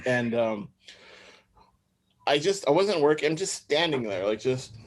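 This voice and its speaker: A man's voice: medium pitch, lively intonation, a little slow. Rambling man hosting a podcast. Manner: rambling, laughs often, many fillers. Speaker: podcast host. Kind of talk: casual chat.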